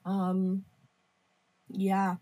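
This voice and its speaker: A woman's voice: mid-range voice, monotone, drawn-out words, dark tone, rough recording. A teenage girl chatting casually on a school club podcast, playful and teasing, giggling easily. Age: teens. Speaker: anime club member.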